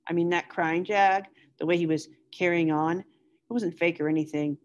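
A quiet young soldier, shaken by a death he just saw, talking low and hushed in the dark, as a woman reading the novel aloud gives him voice. The voice sits deep and close to her own reading voice. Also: steady tone, normal speed, highs cut off, slight background noise, lightly acted. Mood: somber.

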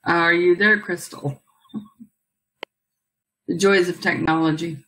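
A woman's voice: lowish voice, steady tone, slow, a bit bright, low-quality recording. A woman hosting a book interview show, asking questions and reading a book passage aloud with friendly affirmations.

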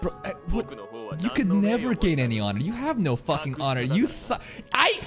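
A man hosting a live anime reaction, heated and profane, yelling at the screen. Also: high-pitched. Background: anime episode audio with music.

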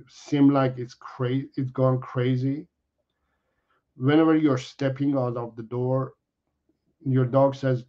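A middle-aged man who trains dogs talks slowly and earnestly to his viewers. He repeats his points and stops and restarts his sentences, at an ordinary pitch. The audio sounds dull and lo-fi. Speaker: dog trainer. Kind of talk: explaining to viewers.

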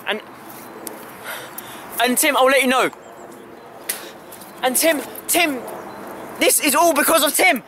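Young man, very high and bright, stammering comic rant with shouted bursts, outdoors, faint noise behind. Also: slow, long pauses. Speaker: channel host. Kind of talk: comic ranting vlog. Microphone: camera held by a friend.

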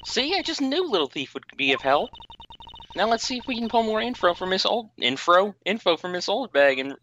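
A man's voice: high voice, very animated, a little fast, sharp tone, highs cut off, a little hiss or hum. A man co-commenting on a video game play-through with dry, teasing remarks.

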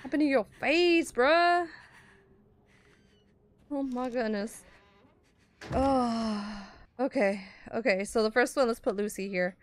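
A woman's voice: fairly high pitch, slow pace, long pauses. A woman commentating a horror video game as she plays, jumpy and chatty, talking both to the game and to her viewers. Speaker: gaming streamer.

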